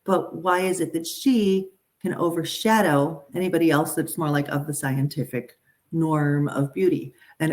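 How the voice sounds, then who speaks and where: A middle-aged woman, a talent agent, talking casually and animatedly to a group. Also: low-pitched. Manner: animated, chatty, frequent restarts and asides. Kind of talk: casual live talk to a group.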